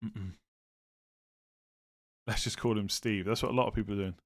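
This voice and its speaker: A man's voice: on the low side, fairly even intonation, normal speed. Casual man reading live chat questions. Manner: thinks aloud, reads chat, self-mocking humor. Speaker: streamer answering viewer questions.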